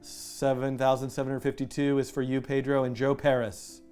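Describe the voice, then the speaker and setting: A man hosting a live coding stream, chatting casually, animated and self-mocking, laughing often. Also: mid-range voice, quick pace, hardly any pauses, smooth, soft background music. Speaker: livestream coding host. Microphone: headset with music in his ear.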